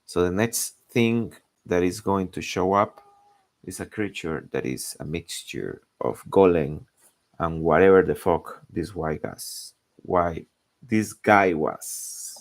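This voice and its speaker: A man's voice: deep voice, takes it slowly, gravelly. A man chatting casually while drawing, rambling and searching for words. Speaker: artist narrating his drawing.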